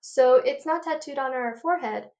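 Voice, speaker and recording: A woman in her thirties, an audiologist, talking passionately and quickly in an interview, a bit out of breath. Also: high voice, darkish tone. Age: 30s. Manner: passionate, rapid lecturing. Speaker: audiologist guest. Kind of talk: enthusiastic interview talk.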